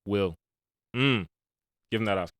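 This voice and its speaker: A man's voice: fairly low pitch, normal speed, a bit bright, no room sound. A young adult man hosting a casual movie podcast, retelling scenes with slangy asides. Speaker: podcast host reviewing movies. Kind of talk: casual chat.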